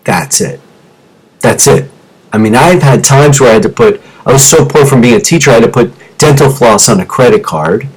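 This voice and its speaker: A man in his forties, a former music teacher, giving a motivational talk to teachers over a teleconference. He tells his story with feeling, dropping low and quiet in the painful parts and rising for emphasis. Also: fairly quick, breathy edge, rough recording. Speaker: teacher turned business coach. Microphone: teleconference microphone.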